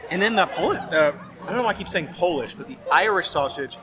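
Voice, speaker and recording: A man's voice: high-pitched, animated, fast, crowd noise. A man vlogging casually outdoors as he tastes food, rambling and hesitant with many fillers. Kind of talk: casual food-tasting chat. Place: outdoor festival.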